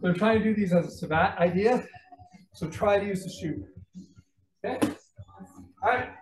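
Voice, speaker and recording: A man's voice: sits high, normal speed. A man teaching a martial arts class, calling out combinations and checking in with his students, sounding out of breath. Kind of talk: class instruction. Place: training gym. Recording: echoey gym from far off.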